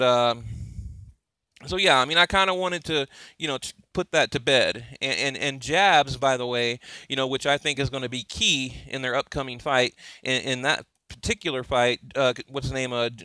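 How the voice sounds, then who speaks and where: A man talking casually to his YouTube viewers about boxing, excitable and rambling, full of fillers and restarts. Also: medium pitch, moderate pace, no room sound. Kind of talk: casual fan commentary to camera.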